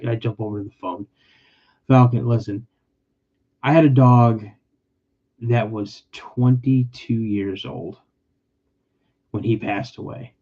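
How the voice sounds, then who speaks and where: A man's voice: mid-range voice, dark tone, muffled recording. A man hosting a casual livestream podcast, rambling and emotional, often repeating himself as he tells personal stories. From California. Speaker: podcast host.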